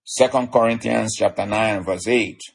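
Male preacher, gravelly husky voice, teaching scripture in a sermon with easy asides. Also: on the low side, steady tone, normal speed. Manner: reads scripture aloud, chuckles between points.

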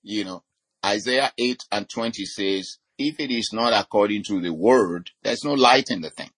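A man preaching a teaching sermon, his voice low and a little husky. He strings scripture references together with frequent "you know" fillers. He slows right down to lean on the words that matter. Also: a bit bright. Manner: slows and stresses key words.

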